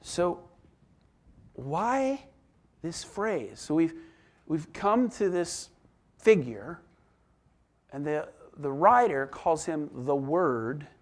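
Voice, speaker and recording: A male pastor delivers a sermon in a high, light voice. He takes his time, letting each phrase land slowly, then shifts from ringing emphasis to near-whispered reflection. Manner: expressive, swings between emphatic exclamations and soft hushed asides.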